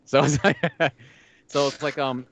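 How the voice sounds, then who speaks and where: A man's voice: medium pitch, fairly even intonation, a little slow, a bit bright, a little hiss or hum. A man co-hosting a podcast, rambling casually about video games and acting out lines from them with plenty of swearing. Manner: rambling, retells game scenes with quoted lines and swearing. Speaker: podcast co-host. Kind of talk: casual gaming chat.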